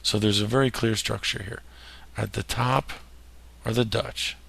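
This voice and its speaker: A male history teacher talks through his slides in a low, gravelly voice. The tone is husky and rough at the edges, and he keeps dropping in jokey, self-deprecating asides. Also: steady tone, unhurried, fairly bright tone. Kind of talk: recorded classroom lecture over slides.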